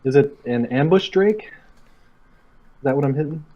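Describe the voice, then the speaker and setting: A man playing a tabletop game, describing his character's charge loudly and emphatically. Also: on the high side, animated, a little slow, highs cut off. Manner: loud, emphatic. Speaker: player.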